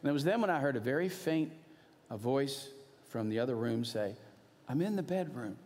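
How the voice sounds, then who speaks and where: Middle-aged male pastor, mid pitch, earnest sermon storytelling, long reverb of a church hall. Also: a little fast. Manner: earnest storytelling, swings from animated to hushed.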